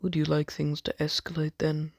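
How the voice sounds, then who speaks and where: Guy doing a posh calm warrior dude, slow polite threats, gravelly, dry sound. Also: on the high side, no room sound. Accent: posh English.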